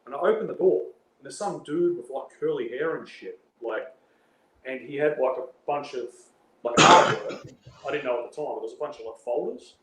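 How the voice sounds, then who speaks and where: A man's voice: mid-range voice, normal speed, a bit bright. Australian man rambling a story. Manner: rambling, full of filler tags and slang. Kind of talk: casual storytelling. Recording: roomy with faint background noise.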